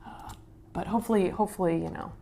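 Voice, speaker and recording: A woman hosting a live stream signs off to her chat in a loose, upbeat way, packed with fillers. Her lowish voice is gravelly and mellow, and she talks fast.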